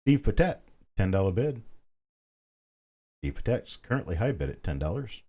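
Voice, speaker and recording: A man's voice: lowish voice, big pitch swings, moderate pace, mellow. A man hosting a live online coin auction, chatting casually, calling out bids and greeting bidders by name. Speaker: auction host.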